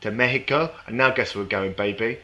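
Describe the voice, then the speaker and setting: A man's voice: fairly low pitch, a little fast, pushed and bright, dull audio. A man co-hosting a podcast in casual chat, jokey and rambling, laughing often. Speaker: podcast co-host.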